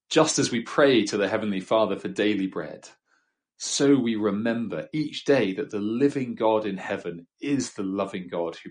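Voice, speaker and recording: A man with a fairly low voice delivers a sermon, reflective and measured. He slips in homely, gently humorous asides between scripture readings. It sounds recorded at a desk at home. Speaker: preacher.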